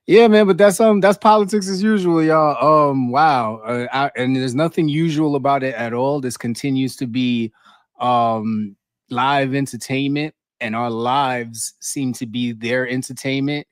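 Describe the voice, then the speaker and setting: A man's voice: mid-range voice, fairly even intonation, smooth, no room sound, studio quality. Laid-back male podcast co-host. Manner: laid-back, drawn-out, slangy. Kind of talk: casual live podcast chat.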